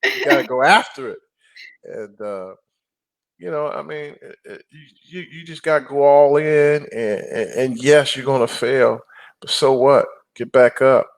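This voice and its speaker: A middle-aged man talking casually as a guest, an animated storyteller who acts out quotes and growls for emphasis. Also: mid-range voice, a little slow. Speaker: guest, apartment investor. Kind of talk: casual interview talk.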